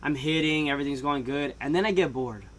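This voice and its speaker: Animated storytelling guy, slightly high voice. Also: fast, a little hiss or hum. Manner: animated, swings between loud outbursts and hushed asides; laughs often. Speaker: vlogger. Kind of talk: comedic storytime.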